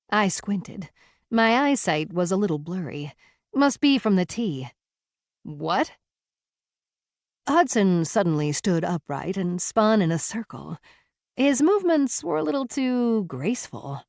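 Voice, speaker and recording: Slow, low-voiced woman narrating. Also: darkish tone, no echo, studio quality. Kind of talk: first-person audiobook narration.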